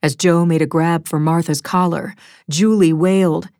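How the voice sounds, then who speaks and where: Low-voiced woman narrating a thriller. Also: steady tone, normal speed, darkish tone, dry recording, studio quality. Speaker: audiobook narrator. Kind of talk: first-person thriller narration. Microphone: close studio mic.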